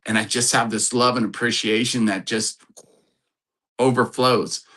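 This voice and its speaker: A man's voice: medium pitch, level tone, measured pace, sharp tone. A middle-aged man, a relationship coach, giving an earnest, rambling motivational talk with restarts and chuckles.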